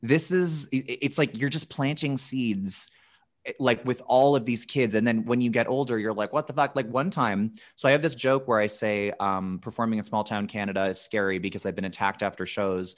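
A man's voice: medium pitch, brisk. A man in his thirties, a podcast guest telling candid, profane stories in casual chat, often restarting his phrases.

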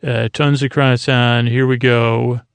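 Gravelly, flat-voiced man rambling a sleep story. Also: medium pitch, no echo. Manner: halting, meandering, full of filler pauses. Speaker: podcast host.

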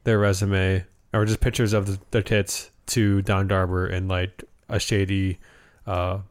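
A man's voice: low-pitched, little pitch movement, a little slow. A man co-hosting a casual sports podcast, joking along with the others.

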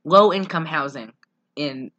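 Casual podcast co-host, woman, bright and forceful tone, slightly low voice, laughs a lot while retelling a movie. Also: a little slow, dull audio, a little hiss or hum. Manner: giggly, rambling, acts out quotes. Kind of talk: casual chat recapping a movie.

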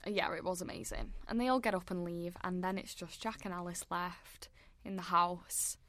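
A woman's voice: lowish voice, fairly even intonation, moderate pace, fairly bright tone. A woman co-hosting a podcast in casual chat, reacting animatedly to a film and acting out its lines, with many "like"s. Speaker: podcast co-host.

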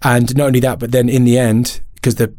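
A man, a podcast guest, telling a candid personal story in an animated, emotional way, often restarting and laughing at himself. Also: medium pitch, a little fast.

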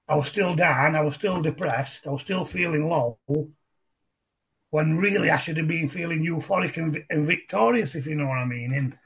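Gravelly Barnsley man telling a story. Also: fairly high pitch. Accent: Yorkshire, Barnsley. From England. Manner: broad, chatty, repeats and restarts phrases. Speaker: podcast guest. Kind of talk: casual storytelling conversation.

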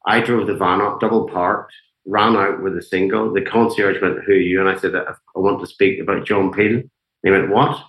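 A man's voice: sits low, fairly even intonation, moderate pace, a bit bright, low-quality recording. A middle-aged man with a Northern Irish accent, a guest musician telling long, rambling stories full of fillers and quoted voices. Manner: rambling anecdotes, quoting others, many fillers. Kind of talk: casual storytelling interview.

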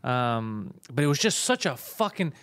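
A man casually telling a story on a podcast, fast, profane and animated. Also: mid-range voice, smooth, no echo. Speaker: podcast host, comedian.

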